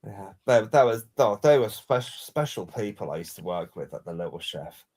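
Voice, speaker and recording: A man's voice: fairly low pitch, expressive, moderate pace, a little mellow. A man from England co-hosting a podcast, telling long casual stories with many restarts. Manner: rambling storyteller, many restarts. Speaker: podcast co-host. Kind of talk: casual chat.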